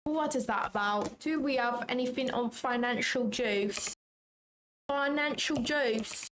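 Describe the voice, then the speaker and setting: A young woman talks through trades on a livestream in a chatty, excitable way. Her voice sits fairly high, and she drops in casual swearing. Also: normal speed, a little hiss or hum, low-quality recording. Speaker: livestream trading host. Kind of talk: casual live commentary.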